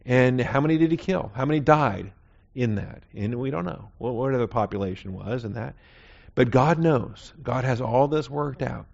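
A man's voice: medium pitch, moderate pace, creaky, darkish tone, muffled recording. Male Bible teacher, conversational lecture. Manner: conversational, frequent "okay?" check-ins. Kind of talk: sermon lecture.

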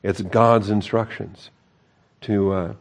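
Speaking slowly in a low, steady tone, a Bible teacher reads a passage and then pauses to comment conversationally. His remarks include wry asides and self-corrections.

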